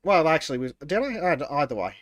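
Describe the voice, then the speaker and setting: A man's voice: on the high side, very animated, quick pace, no echo. Chuckling man reading out chat comments. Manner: laughs often, stumbles and restarts. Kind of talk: casual podcast chat.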